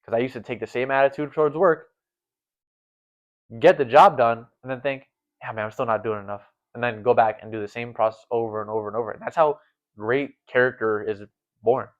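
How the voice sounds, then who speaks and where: A man's voice: mid-range voice, brisk. A young man in his late teens talking casually and earnestly, rambling with lots of fillers. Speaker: guest, former volleyball setter. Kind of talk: casual conversational chat. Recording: dull lo-fi recording.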